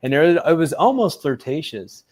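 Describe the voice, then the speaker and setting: A man's voice: fairly high pitch, moderate pace. A man, a former Navy SEAL, telling a long personal story in a casual interview, with lots of fillers, acting out the voices of the people he quotes. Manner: animated retelling, acts out quoted voices, many fillers.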